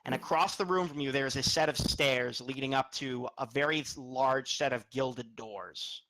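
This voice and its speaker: A man's voice: mid-range voice, normal speed, pushed and bright, poor audio. A man narrating a tabletop role-playing game as game master, setting scenes and calling for dice rolls, often restarting mid-sentence.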